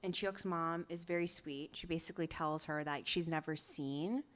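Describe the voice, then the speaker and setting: A woman co-hosting a podcast, recapping a drama in casual chat, telling it with lively quoted asides. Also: deep voice. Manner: animated storytelling with quick quoted asides and laughs. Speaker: podcast co-host.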